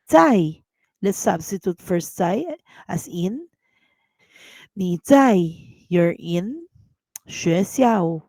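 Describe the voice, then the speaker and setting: A woman with a Filipino accent teaching a casual language lesson, drilling words slowly and mixing English with Tagalog. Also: on the low side, lively intonation, mellow, dry recording. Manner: clears throat often.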